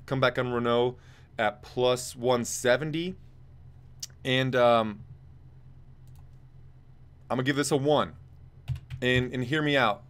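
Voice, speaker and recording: A man's voice: mid-range voice, smooth. A man co-hosting a fight preview show in casual chat, rambling and blunt, and he swears freely. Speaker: co-host rating fights.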